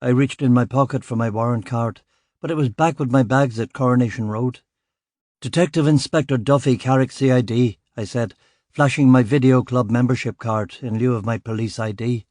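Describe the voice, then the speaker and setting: A man reading a crime novel in first person, with a dry, sardonic, gruff delivery. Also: medium pitch, steady tone, brisk, a little mellow, no room sound. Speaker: audiobook narrator. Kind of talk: first-person scripted narration.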